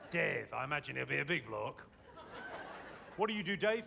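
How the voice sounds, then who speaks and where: A man's voice: a little high, sing-song, moderate pace, creaky, background noise. A man doing stand-up crowd work at a comedy club, brash and sweary, teasing the audience. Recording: live club, loud crowd laughter.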